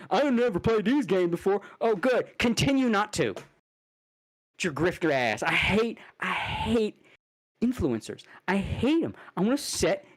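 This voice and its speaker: A man on a casual podcast, ranting in an angry, profane, heated way with sudden fast bursts. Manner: fast bursts and sudden loud jumps in pitch. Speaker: podcast co-host.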